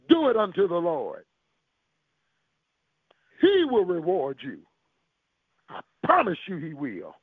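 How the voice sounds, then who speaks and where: A man's voice: high voice, wildly swooping pitch, a little slow, pauses often, husky, dry recording. A man preaching a sermon to listeners on a call, driving his points home with rhythmic repetition and rhetorical questions. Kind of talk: sermon over a conference call. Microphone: phone call. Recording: tinny, dry phone line.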